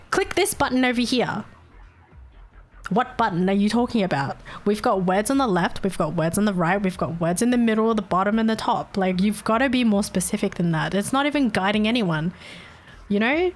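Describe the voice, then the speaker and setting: Young woman ranting on stream, swears a lot, average pitch, talks casual with chat. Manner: animated venting, swears freely.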